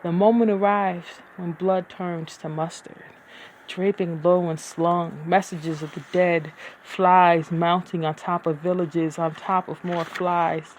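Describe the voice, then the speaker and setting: Poetry reader, dramatic, brooding, uneven pacing, middle pitch. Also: little pitch movement, slow pace, a little hiss or hum. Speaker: poet. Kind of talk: poetry reading.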